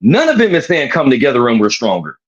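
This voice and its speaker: A man delivering an impassioned, profane rant in an animated, preachy way. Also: medium pitch, fast talker, husky, dull audio.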